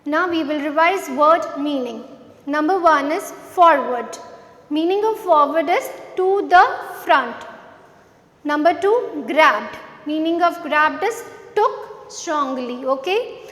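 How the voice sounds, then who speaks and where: A woman's voice: high-pitched, lively intonation, takes it slowly, a bit bright. A woman teacher revising a lesson with young children, spelling words letter by letter and asking simple questions. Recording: echoey room with long reverb.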